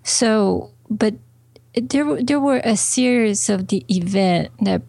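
A woman guest speaking hesitantly with many pauses and fillers in a casual interview. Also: mid-range voice, creaky, mellow, no room sound. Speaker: podcast guest, business coach.

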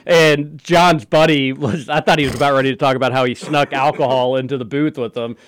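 A man hosting a sports radio talk show, telling animated stories in casual banter. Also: medium pitch, fairly quick, clear, resonant tone, dry recording. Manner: animated storyteller, mimics voices in anecdotes.

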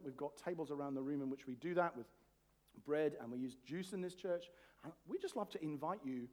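A male pastor preaching a sermon with passion, shifting between soft, low passages and loud, emphatic ones.

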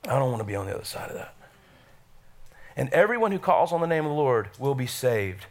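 A middle-aged man preaching a sermon in a church, energetic and calling out to the congregation. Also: medium pitch, quick pace. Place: church sanctuary.

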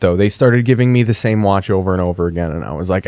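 A man's voice: deep voice, fast, a little mellow, dry recording, clean studio sound. A man in his thirties doing casual, profane, rambling commentary while reacting to TV. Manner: rambling, sardonic storytelling. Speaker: streamer reacting to TV.

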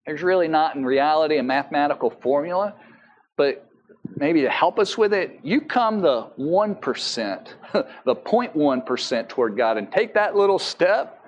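A man's voice: fairly high pitch, slightly rough. A man preaching a sermon as pastor, talking earnestly and conversationally with rhetorical questions, with an American accent.

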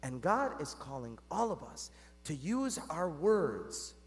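Slow-paced with big pitch swings, this priest's slightly high voice carries over soft background music and the long reverb of a church. He preaches earnestly yet conversationally, questioning the congregation and calling them "guys", as a Catholic priest.

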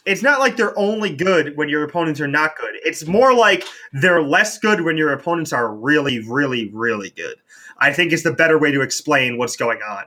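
A man's voice: a little high, lively intonation, normal speed, pushed and bright. A man talking casually as a competitive card game player on a podcast, with frequent "like" fillers. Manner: chatty, heavy use of "like".

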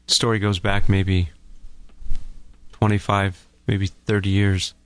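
A middle-aged man with a low voice hosts a radio talk segment. He is a couples therapist who tells stories in a calm, folksy way. The sound is dry and close, with no room around it. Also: slow, clear, resonant tone, no echo. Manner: calm, folksy storytelling that addresses listeners as folks.

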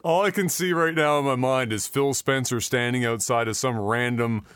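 Man, podcast host, bright sharp voice, dry close sound, casual profane chat. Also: mid-range voice, normal speed, clean tone, no room sound. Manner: profane, storytelling, animated.

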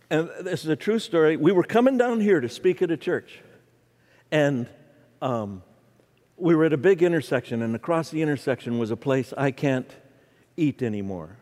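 A middle-aged man preaching a humorous sermon in a church, telling stories and joking with the audience. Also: fairly high pitch. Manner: storytelling, animated, jokes with the audience. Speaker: guest preacher. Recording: church hall reverb.

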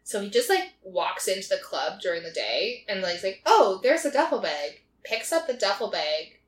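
Woman, casual recap host, bright forceful tone, roomy echo, filler-heavy storytelling. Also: mid-range voice, normal speed. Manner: animated retelling, constant "like" fillers. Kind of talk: casual chat.

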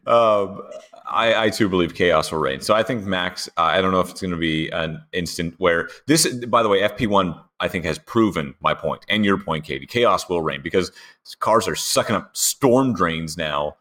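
Deep-voiced man, animated podcast co-host. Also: normal speed. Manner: animated storyteller, puts on voices while retelling stories. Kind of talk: casual sports chat.

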